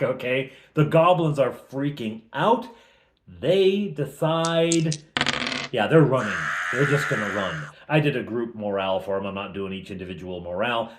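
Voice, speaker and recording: A middle-aged man recapping a tabletop game as its game master, telling it in an animated way with chuckles. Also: medium pitch, moderate pace, very noisy. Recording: roomy echo.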